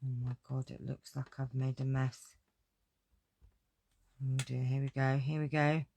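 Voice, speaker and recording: A woman's voice: extremely low pitch, flat delivery, measured pace, gravelly, dark tone. A woman running a live card-making tutorial at her craft desk, gushing and exclamatory as she talks to her viewers.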